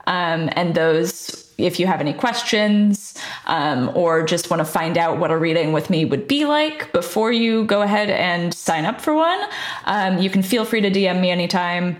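A woman's voice: lowish voice, expressive, normal speed, reverberant. Chatty woman on a podcast, astrologer guest, lots of ums, easygoing. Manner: chatty, filler-heavy, friendly. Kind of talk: casual podcast interview.

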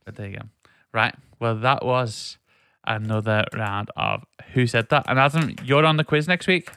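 A man's voice: medium pitch, moderate pace, pushed and bright, clean tone. A man hosting a casual podcast chat, playful and teasing, laughing often. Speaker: podcast host.

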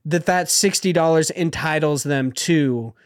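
On a casual gaming podcast, a man rambles along unhurriedly, stuffing his sentences with filler words. His voice is pitched a bit higher than most men's and comes across close and dry, with no room around it.

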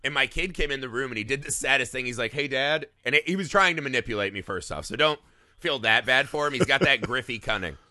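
Middle-aged man, podcast co-host, very bright sharp tone, dry close mic, casual and profane. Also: mid-range voice, fast talker, dry recording. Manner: profane, animated storyteller acting out quotes. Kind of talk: casual movie discussion.

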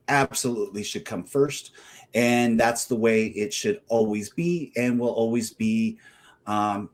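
A man hosting a podcast, making blunt, emphatic announcements in casual talk. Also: medium pitch. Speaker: podcast host. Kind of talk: casual chat.

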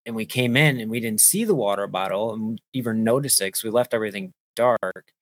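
A man hosting a casual conversation, relaxed as he tells a story. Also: lowish voice, brisk. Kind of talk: casual chat.

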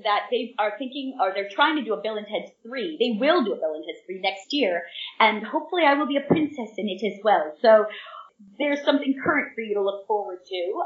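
A woman in her fifties, a guest actress chatting eagerly in an interview and speaking straight to young listeners. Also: mid-range voice. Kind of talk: casual interview chat. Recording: roomy, distant, dull remote line.

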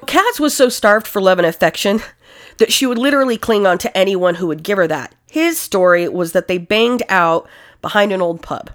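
Brief woman podcast co-host, lively swinging pitch, profane animated storyteller. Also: normal speed. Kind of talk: casual true-crime chat.

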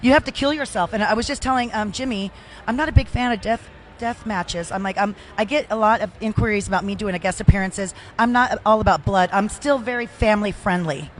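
An older woman talking casually as a guest, chatty and openly emotional, poking fun at herself. Her voice sits at a middle pitch and swings up and down as she tells stories. A faint hiss runs underneath. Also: a little fast. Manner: chatty, emotional, self-deprecating. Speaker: podcast guest. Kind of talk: casual chat.

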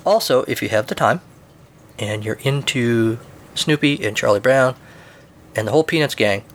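A man's voice: medium pitch, expressive, moderate pace, slight background noise. A man hosting a podcast, reading a comic story aloud with dry, offhand humor. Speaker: podcast host.

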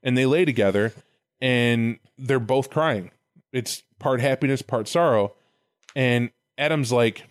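A man's voice: medium pitch, unhurried, clean tone, dry recording, clean studio sound. A man casually retelling a story for laughs, swearing often and acting out the characters. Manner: animated, profane, acts out characters in raised voices.

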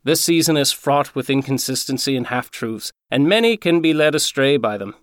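A man's voice: medium pitch, expressive, moderate pace, smooth, no echo. Earnest male storyteller, dry sound. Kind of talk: reading a Christmas story aloud.

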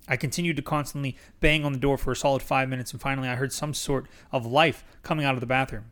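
A man's voice: mid-range voice, steady tone, quick pace, few pauses, fairly bright tone. Young man reading his own memoir aloud. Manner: stumbles over words and restarts while reading. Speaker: podcast host reading his own book.

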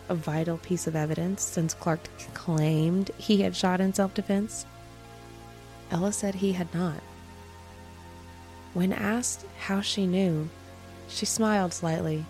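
Low, mellow-voiced woman narrating true crime. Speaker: podcast host.

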